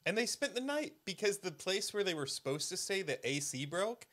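A man's voice: sits high, sing-song, a little fast, a bit bright. A man hosting a podcast from his apartment, joking with his guest in easygoing banter. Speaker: podcast host. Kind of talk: casual podcast chat.

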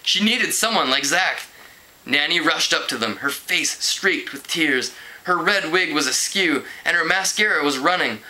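Bright-voiced man reading aloud. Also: fairly high pitch, animated, unhurried, poor audio. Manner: plain reading with small slips. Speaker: book reader.

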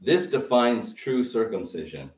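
A male pastor preaching a sermon, often pausing to let the congregation fill in a word. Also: medium pitch, animated. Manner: interactive preaching, prompting the congregation to fill in words. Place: church. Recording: roomy sound from a distant mic.

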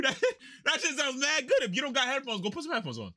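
A man hosting a music reaction video, talking in excitable, slangy, casual commentary with frequent laughs and repeated words. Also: very high voice, fast talker.

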